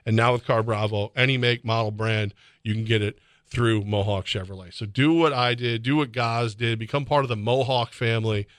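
A man hosting sports radio, talking animatedly with laughs and sudden shouts, reading ads in a studio. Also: mid-range voice, moderate pace, clean tone, no room sound. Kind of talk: casual sports radio banter with live ad reads. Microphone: close studio mic.

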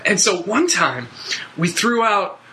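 A man's voice: high-pitched, slow pace. A young man telling a profane childhood story on a casual comedy podcast. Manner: animated storyteller, swears a lot, shouts in reenactments. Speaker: podcast co-host.

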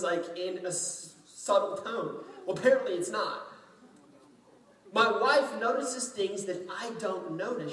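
A man preaching a sermon to a congregation, in an easy, conversational way with jokes mixed in. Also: sits high. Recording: roomy echo, distant mic, faint ambience.

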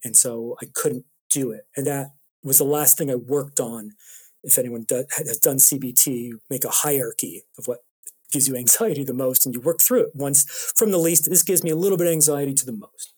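A man from Toronto, an improv comedian telling stories in a casual interview, animated with lots of restarts. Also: mid-range voice, a little fast. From Toronto, Canada. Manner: animated storyteller, rambling restarts. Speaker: improv comedian and show producer.

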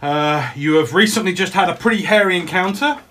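A man's voice: sits high, a little fast, a bit bright, slight background noise. A man serving as game master for his children, narrating their tabletop adventure in a loose, joking way and laughing easily.

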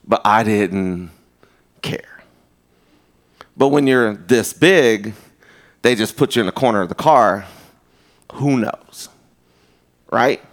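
A male pastor preaching a live sermon in a loose, conversational way, with humor and frequent restarts, dropping low and slow for emphasis and rising when he exhorts. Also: fairly bright tone.

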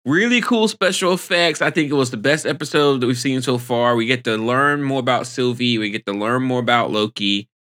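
Bright-voiced animated man. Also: a little fast, few pauses. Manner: animated, pitch jumps when excited. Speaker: podcast co-host. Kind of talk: casual chat.

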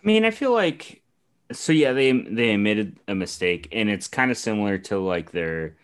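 A man's voice: lowish voice, animated, normal speed, smooth. A man co-hosting a casual sports podcast, talking loosely, swearing freely and laughing often. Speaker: podcast co-host.

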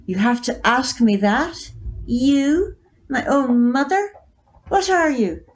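A woman's voice: high-pitched, lively intonation, unhurried, low-quality recording. A woman reading a story, voicing a defiant teenage girl with a cutting, sarcastic edge. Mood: furious.

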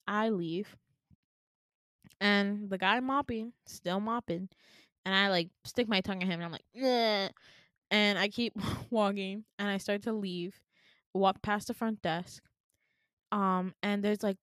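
Chatty young woman, mid-pitched, dry close sound, casual storyteller. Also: no echo. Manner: chatty and animated, with frequent fillers and laughter. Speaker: podcast host.

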